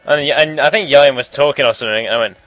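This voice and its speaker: A young man telling childhood stories to friends in casual chat, often laughing and slipping into quick impressions. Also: medium pitch, fairly bright tone, faint music behind, rough recording. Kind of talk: casual storytelling among friends.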